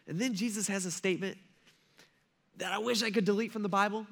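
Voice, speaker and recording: A man preaching a sermon in a conversational way, asking rhetorical questions, acting out quotes, and swinging between loud stresses and hushed lines. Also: sits high, brisk. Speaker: pastor.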